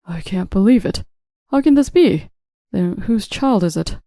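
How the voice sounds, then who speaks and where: A woman voicing a weak young husband who protests loudly and then begs, reading a drama story aloud. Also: mid-range voice, lively intonation, a little slow, no echo, clean studio sound. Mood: pleading. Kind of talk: audiobook narration.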